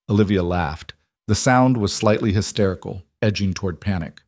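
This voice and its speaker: Low-voiced male story narrator. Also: moderate pace, darkish tone, no room sound, studio quality. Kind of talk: scripted romance story narration.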